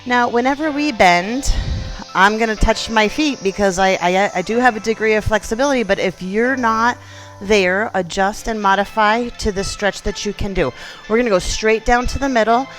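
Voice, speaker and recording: A woman fitness instructor leading a gentle exercise class, chatty and encouraging, counting reps aloud. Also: on the high side, rough recording. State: out of breath at times.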